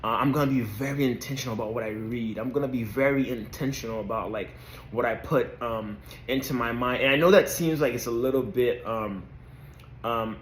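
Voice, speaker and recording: A man's voice: mid-range voice, reverberant, a little hiss or hum. A man hosting a casual devotional talk, hesitant and dotted with "um" and "right?". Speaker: faith video host.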